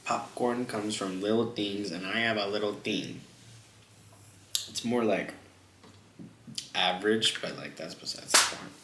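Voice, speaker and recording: A man's voice: on the low side, a little slow, long pauses, pushed and bright, slight background noise. A young man chatting casually while eating on camera, rambling and jumping between topics with lots of filler words. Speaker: mukbang vlogger. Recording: echoey room.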